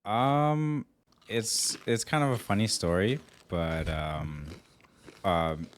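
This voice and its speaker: A man's voice: on the low side, slow pace, a little hiss or hum. A young man from Markham, a chef, talking in a casual interview, hesitant with many fillers as he explains at length. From Markham, Canada. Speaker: chef and restaurant founder.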